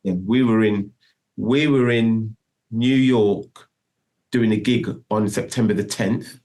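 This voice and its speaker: A man's voice: fairly low pitch, takes it slowly, mellow. A middle-aged man telling a long story in a casual interview, rambling and restarting often. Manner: rambling, full of restarts and "do you know what I mean". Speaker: guest musician.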